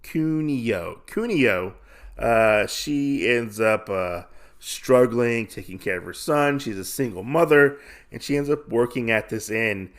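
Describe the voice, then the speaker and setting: A man's voice: mid-range voice, unhurried, fairly bright tone. Rambling man recapping a comic. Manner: rambling, lots of fillers and restarts. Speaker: podcast host.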